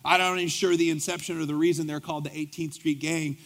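Animated high-voiced male pastor preaching. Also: fast. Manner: animated storyteller acting out dialogue. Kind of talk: sermon with storytelling.

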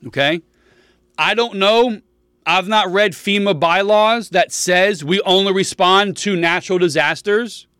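A man's voice: sits high, a little slow, pushed and bright, clear, resonant tone, no room sound, clean studio sound. Heated, profane man ranting. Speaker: podcast host. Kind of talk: political commentary rant.

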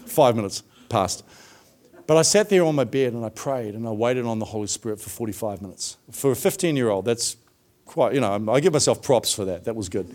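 Middle-aged guy preaching, telling his story easy and chatty, lots of "you know" and "um", average pitch. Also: lively intonation, fairly quick. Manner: storytelling, warm and conversational with frequent fillers. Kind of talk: sermon.

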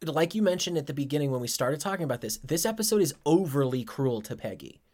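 A man's voice: fairly high pitch, animated, fast, a little mellow. A man co-hosting a casual podcast, laid-back and wry, with casual swearing. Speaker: podcast co-host.

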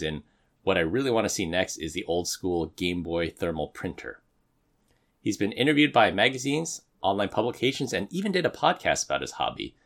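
Male podcast host, low voice, upbeat, laughs often, casual. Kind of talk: casual conversation.

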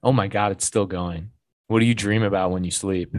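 Low-ish guy chilling, reading a quiz out loud on a podcast. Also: brisk, dry recording. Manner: relaxed, reads quiz questions aloud. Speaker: podcast co-host. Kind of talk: casual movie chat.

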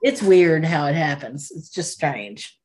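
A woman's voice: sits low, expressive, unhurried, darkish tone. A woman, co-hosting a casual chat in a chatty, self-deprecating way. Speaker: co-host.

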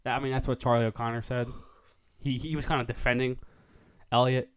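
A young man co-hosting a casual sports podcast, excitable and profane, quick to overreact. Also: medium pitch, smooth. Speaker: podcast co-host.

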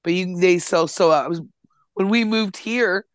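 A man's voice: sits high, measured pace, no room sound. A man hosting a podcast, chatting casually and enthusiastically and swearing freely as he talks. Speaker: podcast host. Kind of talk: casual chat. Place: Nova Scotia home recording.

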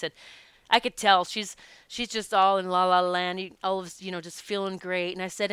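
A woman who works as a past life regression practitioner, talking casually to her audience and telling stories in an animated, emphatic way. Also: lowish voice, normal speed, clean tone, dry recording. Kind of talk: casual spoken talk to an audience.

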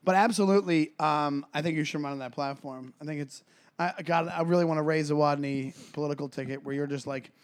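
High-pitched guy in his 40s, podcast co-host, animated storyteller, laughs a lot. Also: fast talker. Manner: animated storyteller, laughs often, acts out voices. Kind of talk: casual chat.

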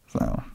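A man's voice: warm tone, no echo, lo-fi sound. A man hosting a podcast, recapping a film in casual chat, rambling and swearing, laughing often and acting out the characters' lines.

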